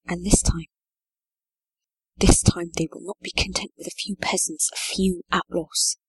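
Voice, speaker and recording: Low-voiced woman narrating a story. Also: slightly rough, no echo. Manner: measured, steady storytelling.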